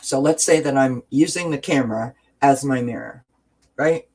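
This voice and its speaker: A man's voice: medium pitch, moderate pace, darkish tone, low-quality recording. A man hosting a wellness livestream, talking in an earnest, heartfelt, encouraging way and rambling with restarts, into a webcam. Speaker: wellness channel host. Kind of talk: casual livestream chat.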